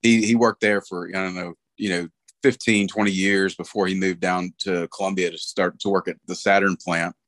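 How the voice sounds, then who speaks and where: A man's voice: low voice, level tone, moderate pace, fairly bright tone, no echo. A middle-aged man talking casually about a late friend, rambling with lots of fillers. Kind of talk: casual conversation.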